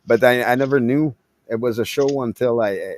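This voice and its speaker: A man's voice: medium pitch, a little fast. A man from Quebec chatting casually on a video call, rambling with stammering restarts. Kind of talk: casual group chat over a call.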